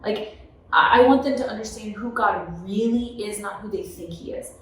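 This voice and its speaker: Female author, 30s, animated storyteller, roomy echo and distant mic. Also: medium pitch, moderate pace. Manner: animated, tag questions like "right?". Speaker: author and guest. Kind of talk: conversational podcast storytelling. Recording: echoey room, mic at a distance.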